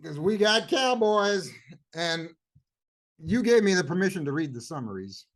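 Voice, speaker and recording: A man's voice: high-pitched, big pitch swings, moderate pace. A man as a podcast guest in a casual chat about upcoming movies, easygoing and chatty, rambling as he tries to remember.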